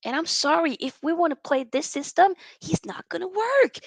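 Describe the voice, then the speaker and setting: A woman's voice: extremely high pitch, expressive, normal speed, no echo, poor audio. A woman hosting a casual livestream chat, reading out viewer comments and giving blunt, opinionated takes in casual slang.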